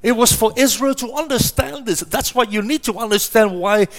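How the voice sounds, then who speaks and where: A man's voice: extremely high pitch, moderate pace, a bit bright. A middle-aged man preaching a sermon, emphatic and repetitive, asking rhetorical questions and answering them.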